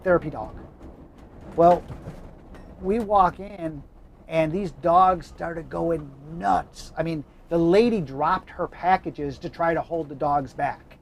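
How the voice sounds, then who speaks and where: Inside a moving car, this travel vlog host speaks slowly in a creaky, high-side voice, the rough recording picking up slight background noise. He rambles through anecdotes in a casual storytelling chat, correcting himself as he goes.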